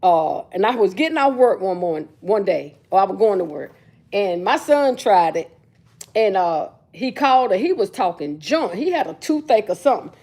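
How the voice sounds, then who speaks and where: A woman's voice: mid-range voice, big pitch swings, moderate pace, a little mellow, slightly rough. A middle-aged woman hosting a casual livestream chat, telling stories in a blunt, sassy way full of slang. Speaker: livestream host.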